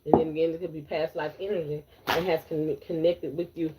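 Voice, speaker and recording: A woman's voice: deep voice, flat delivery, a little fast, background noise. A woman giving a blunt, repetitive live tarot reading, talking straight to her viewers. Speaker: tarot reader.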